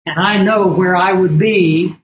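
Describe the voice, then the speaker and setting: A man's voice: high voice, steady tone, measured pace, narrow, tinny audio, a little hiss or hum. A man preaching a sermon from printed notes, earnest and emphatic, repeating key lines and telling stories.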